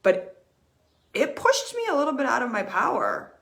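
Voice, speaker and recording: A woman's voice: high voice, wildly swooping pitch, moderate pace, creaky, a bit bright. A woman life coach speaking earnestly on a live stream, repeating phrases for emphasis as she shares a personal story. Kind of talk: personal motivational talk. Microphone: streaming mic.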